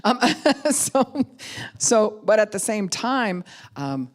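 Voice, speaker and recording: A middle-aged woman pastor giving a sermon, animated and acting out the voices of the people she quotes. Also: mid-range voice, slow. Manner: animated, acts out quoted voices of kids and adults.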